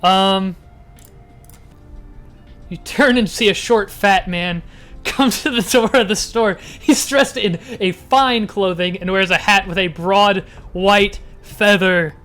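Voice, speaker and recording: A man casually commenting as he reads a text adventure game aloud, getting excited and laughing often. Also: high voice, takes it slowly, faint music behind. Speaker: gaming YouTuber.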